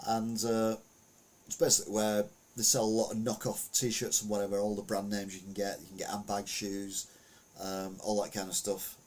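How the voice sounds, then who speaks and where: A man's voice: on the low side, a little mellow. A man, hosting a podcast of casual news commentary, rambling and chatty with lots of fillers. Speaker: podcast host.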